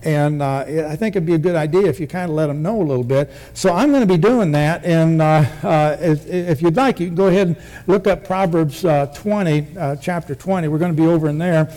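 Male lay preacher, folksy testimony talk, mellow voice pitched a bit high. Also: fairly quick, few pauses. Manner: folksy, joking, rambling. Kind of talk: church testimony sermon.

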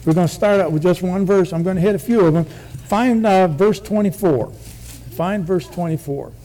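A man's voice: sits high, fast, dark tone. A man giving his testimony as a lay preacher in church, folksy and joking, with a rambling manner.

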